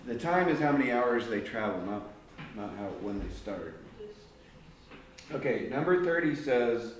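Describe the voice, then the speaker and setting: A man's voice: lowish voice, sing-song, unhurried, pauses often, slight background noise. A man tutoring a group of students through algebra word problems, guiding them with patient questions. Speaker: math tutor. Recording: very echoey room, mic far off.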